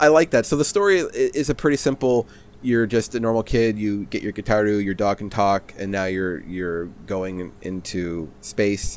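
A man hosting a casual podcast chat, who talks with enthusiasm, rambles and restarts his sentences. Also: fairly low pitch. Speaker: podcast host.

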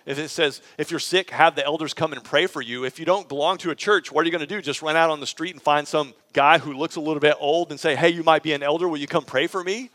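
A man preaching a sermon in a conversational, animated storytelling way, prompting his listeners and acting out the people in the story. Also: on the high side, big-room sound. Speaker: pastor.

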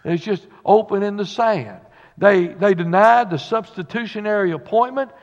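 Here a pastor with a voice that sits high talks at normal speed, delivering a folksy, conversational sermon laced with Southern sayings. His church sanctuary has long reverb, and the audio is dull.

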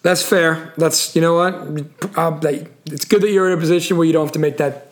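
A man's voice: on the high side, steady tone, brisk. A man hosting an interview show, easygoing and joking, with frequent restarts. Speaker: podcast host. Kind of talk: casual interview chat.

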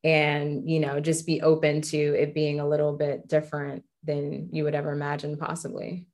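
Woman, low pitch, relaxed casual co-host, filler-heavy delivery. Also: normal speed. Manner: relaxed storyteller, many "like" fillers. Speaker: podcast co-host. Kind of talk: casual chat.

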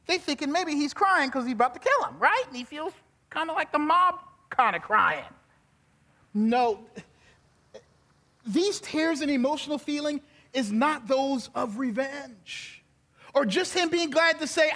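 High-voiced, animated preacher man. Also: measured pace. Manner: animated preaching, swings from soft to loud; gets emotional and laughs while speaking. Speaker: pastor. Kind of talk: sermon.

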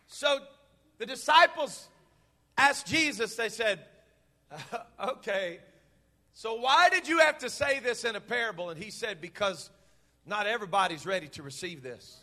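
Male pastor, very high voice, forceful bright tone, fervent sermon, emphatic repetition. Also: lively intonation, measured pace, pauses often, big-room sound. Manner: fervent, emphatic preaching with repeated phrases.

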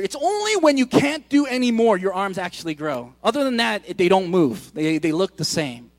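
A middle-aged man preaching a sermon as pastor, pleading and impassioned, dropping soft then shouting. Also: sits high, sing-song, moderate pace, few pauses, dry recording. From Korea. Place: church hall. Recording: dry close mic, faint music behind.

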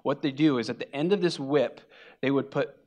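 A man's voice: mid-range voice, a little fast, a little mellow. A male pastor reading scripture aloud and then explaining it in a conversational sermon with casual fillers.

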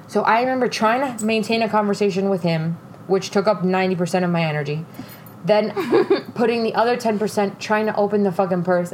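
A woman's voice: mid-range voice, a little hiss or hum. A young woman hosting a podcast, telling a dating story in casual chat, candid and profane, quoting people as she goes. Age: young adult. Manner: candid, profane, animated retelling with quoted voices. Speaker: podcast host.

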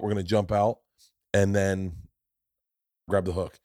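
A man's voice: sits low, normal speed, pauses often, no room sound, clean studio sound. A man hosting a podcast, telling a rowdy story in casual, profane chat and acting out the voices in it. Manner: profane, animated storyteller who acts out voices. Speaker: podcast host.

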